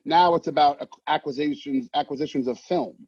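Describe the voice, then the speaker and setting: Animated New storyteller, husky voice. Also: male voice, on the high side, a little fast, no room sound. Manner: animated, swearing, acts out voices in anecdotes. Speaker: actor guest. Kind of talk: casual storytelling interview. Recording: dull muffled sound, dry.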